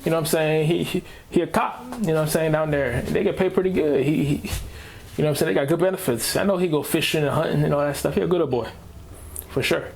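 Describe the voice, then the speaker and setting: A man's voice: on the high side, fast talker, vocal fry, darkish tone, a little hiss or hum. A man hosting a reaction video, ranting casually in slang and repeating himself as he talks.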